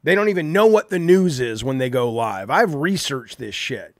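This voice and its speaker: A man hosting a livestream, swearing heavily and swinging from low mumbled asides to loud indignant rants. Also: big pitch swings, moderate pace, no room sound, studio quality. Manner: heavy swearing. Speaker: livestream host. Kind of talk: profane livestream rant.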